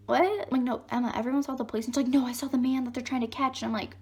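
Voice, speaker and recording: A woman's voice: high voice, rapid-fire, slightly rough. A teenage girl telling a dramatic school story in a chatty storytime vlog, acting out what others said. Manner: chatty, animated retelling with acted-out quotes. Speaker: vlogger.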